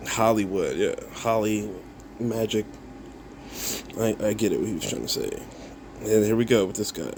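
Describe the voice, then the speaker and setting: A man's voice: fairly low pitch, expressive, moderate pace, long pauses, a little mellow, a little hiss or hum. A content creator, a man, replying to viewer comments in a casual rant, mocking and swearing, breaking into laughs and repeating himself.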